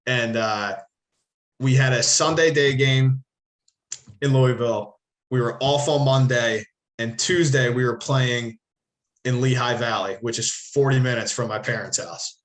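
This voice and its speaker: A man's voice: medium pitch, a little slow. Casual man telling a baseball story. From Philadelphia area. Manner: rambling, profane, self-correcting. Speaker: podcast co-host, former ballplayer.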